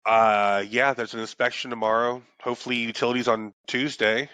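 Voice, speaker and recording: A young man with a bright, forceful voice talks casually on a podcast, rambling and cursing, often restarting his thoughts. The sound is dry and close, with no room around it. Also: mid-range voice, little pitch movement, fairly quick, clean tone, no room sound. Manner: rambling, swears freely, restarts sentences. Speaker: podcast co-host. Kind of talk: casual chat.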